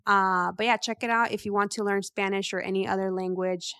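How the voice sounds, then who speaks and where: A woman's voice: mid-range voice, steady tone, fairly quick, fairly bright tone, smooth, no room sound. Chatty woman podcast host, dry sound. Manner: chatty, rambling, laughs often. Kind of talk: casual podcast chat.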